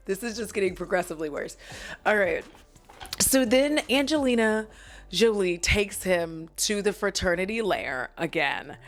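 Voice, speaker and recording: A woman at home casually recapping a movie, giggling and chuckling her way through it with apologetic asides. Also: medium pitch. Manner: giggly, keeps breaking into laughter mid-sentence; self-deprecating, apologetic asides.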